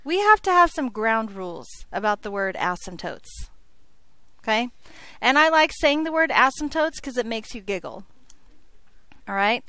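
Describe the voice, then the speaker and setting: A woman's voice: on the high side, big pitch swings, moderate pace, bright, forceful tone, clear, resonant tone, dry recording. A woman teaching an algebra class, joking with her students and checking in with frequent questions. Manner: playful, jokey, checks in with frequent "okay?". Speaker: high school algebra teacher. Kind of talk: classroom lecture.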